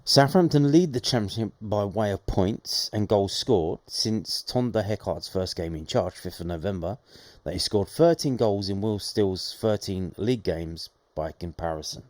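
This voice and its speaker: A man's voice: on the low side, normal speed, a little mellow, no echo. A man hosting a daily football news podcast, reading out reports and adding sarcastic asides. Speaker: podcast host.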